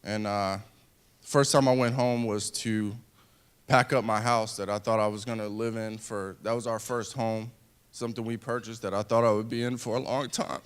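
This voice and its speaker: Addressing an audience, this man in his thirties, a veteran who was wounded, shares a heartfelt personal account with hesitations and false starts. He speaks smoothly at a fairly low pitch with little variation.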